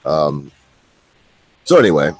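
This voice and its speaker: Low-voiced rambling man telling a story. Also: very animated, slow pace, breathy edge, no room sound, low-quality recording. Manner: rambling, self-deprecating, laughs often. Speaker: vlogger. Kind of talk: casual storytelling to viewers.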